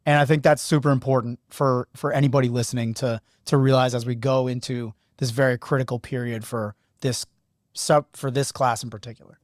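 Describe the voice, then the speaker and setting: A man hosting a podcast who coaches high school lacrosse, telling stories in an animated, earnest way. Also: brisk, no room sound, clean studio sound. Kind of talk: casual podcast storytelling.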